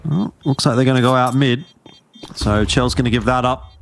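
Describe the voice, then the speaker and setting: A man calls a live esports match play by play, his pitch jumping up when the action heats up. His voice sits in the middle range. A faint hum of noise runs under him. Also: normal speed, creaky. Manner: excitable, pitch jumps on big plays. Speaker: esports caster. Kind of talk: play-by-play commentary.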